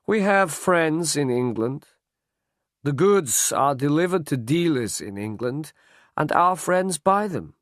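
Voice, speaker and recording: A man's voice: a little high, lively intonation, slow, dry recording, clean studio sound, pitched above the performer's own voice. A man reading a story aloud, voicing a ruthless male smuggler boss with a cold, threatening manner. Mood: gloating.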